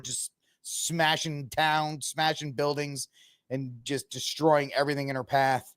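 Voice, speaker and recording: A sarcastic male podcast host who rants and mocks his subjects in loose, slangy commentary. His voice sits fairly high for a man, and he laughs often between jabs. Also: flat delivery, measured pace. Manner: sarcastic, mocking, ranting. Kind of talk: casual news commentary.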